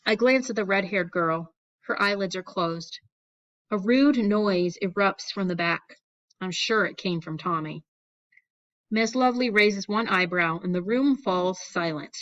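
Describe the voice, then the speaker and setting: A woman's voice: on the low side, normal speed, fairly bright tone, muffled recording. A woman narrating a first-person audiobook in a wry, anxious storytelling manner. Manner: wry, anxious storytelling of a young boy's thoughts.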